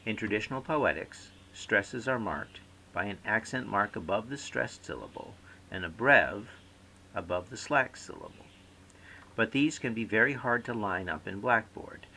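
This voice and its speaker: A man's voice: lowish voice, gravelly, sharp tone, a little hiss or hum, rough recording. A man giving a scripted recorded lecture as a course instructor, reading aloud and demonstrating word stress by example.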